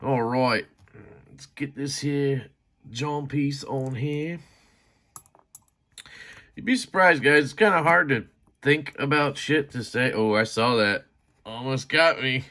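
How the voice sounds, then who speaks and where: A man's voice: medium pitch, slow pace, long pauses, bright, forceful tone. A man taking apart a knife on camera, rambling to his viewers, often grumbling and joking at himself. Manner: rambling, self-deprecating, talks to viewers while fiddling; mild swearing and grumbling. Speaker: knife reviewer. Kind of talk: casual knife disassembly vlog.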